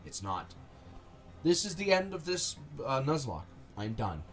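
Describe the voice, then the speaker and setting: A man streaming a video game, talking in a halting, angry, exasperated way, swearing often and restarting his sentences. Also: medium pitch, very animated, a bit bright, soft background music. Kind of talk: frustrated gameplay commentary.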